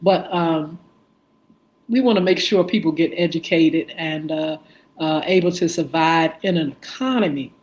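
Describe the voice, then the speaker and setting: A woman hosting a live-streamed morning show speaks slowly and unhurriedly, with a somewhat low voice. She greets viewers one by one in friendly, upbeat hellos. She spells out names and fills her pauses with many "uh"s. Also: darkish tone.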